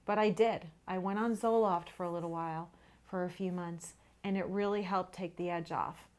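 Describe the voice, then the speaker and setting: A middle-aged woman talks straight to her viewers as the host of her own vlog. She tells a personal story in a candid, conversational way, and her voice sits at an everyday, average pitch.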